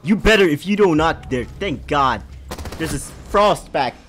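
A young man playing a shooter game in live voice chat, excitable and exasperated, yelling and complaining at his teammates. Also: a little high, unhurried, slight background noise. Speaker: gaming streamer. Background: music and gunfire.

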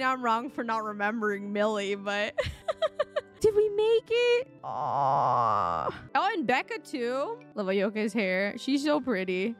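A woman streaming a life-sim game, chatting excitably with frequent gasps and laughs. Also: on the high side. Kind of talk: casual gameplay commentary.

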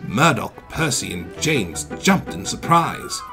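Animated male storybook narrator. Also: mid-range voice, slow. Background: music.

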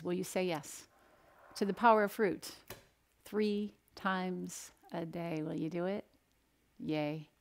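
A woman dietitian giving an energetic nutrition talk, asking her listeners questions and acting out the people in her stories. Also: mid-range voice. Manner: animated, asks the audience questions, acts out quoted voices. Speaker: dietitian presenter.

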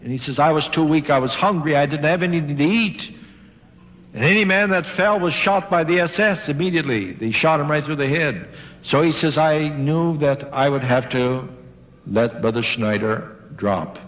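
A man's voice: fairly high pitch, normal speed, fairly bright tone. An older man giving a sermon to a congregation, retelling a story with dramatic quoted voices. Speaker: preacher giving a talk. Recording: old lo-fi recording in a large reverberant hall.

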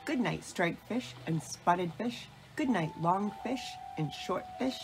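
A woman voicing an eager little female sea otter pup in a storybook read-aloud, with a high, chirpy way of talking. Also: animated, slow pace, faint music behind, poor audio.

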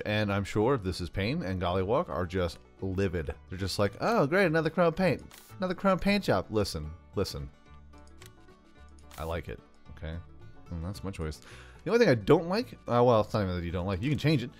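A young man giving goofy, hyper commentary on his gameplay, jumping between loud yelps and mumbled asides. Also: lowish voice. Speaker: gaming YouTuber. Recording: faint game music behind.

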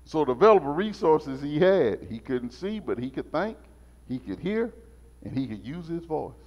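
Man, preaching Sunday school lesson, lively swooping pitch, slightly high voice, muffled church recording with long reverb. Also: normal speed. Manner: animated, call-and-response preaching, repeats phrases. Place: church sanctuary.

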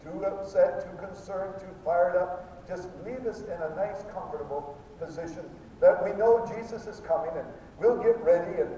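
An older man preaching a fervent sermon as pastor, swinging between shouts and a soft, confiding storytelling voice. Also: moderate pace, few pauses. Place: church sanctuary. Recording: echoey hall from far off, dull sound, faint rumble.

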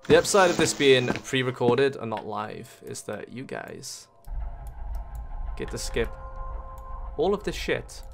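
A man's voice: medium pitch, animated, slow, creaky, long pauses. A man streaming a horror game, talking casually to viewers, swearing a lot and breaking into panicked yelps and repeated pleas. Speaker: gaming streamer. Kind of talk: casual gameplay commentary. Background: loud game music.

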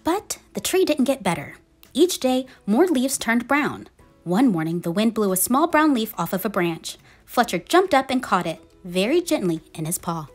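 A woman reading a children's picture book aloud in a gentle, expressive storytelling manner. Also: a little high, moderate pace, faint music behind. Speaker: storybook reader.

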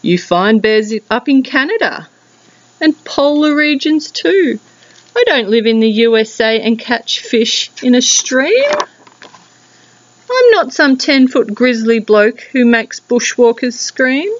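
Aussie teacher lady reading a kids' book, sing-songy and bouncy, bit muffled. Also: slow pace. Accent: Australian. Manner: lively, sing-song storybook reading with big pitch jumps. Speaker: primary school teacher. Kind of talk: reading a picture book aloud to young children.

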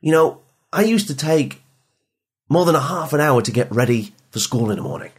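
A man speaking as a motivational speaker to teenagers and parents, emphatic and repetitive, sometimes dropping soft for emphasis. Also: a little high, animated, normal speed, slightly rough. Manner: emphatic, repeats phrases, drops soft for emphasis. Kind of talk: motivational podcast talk.

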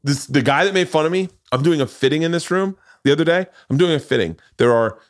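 A man in his forties hosting a podcast, telling stories in a loud, animated and profane way. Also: a little high, quick pace, no room sound, studio quality. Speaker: podcast host. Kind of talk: casual storytelling chat.

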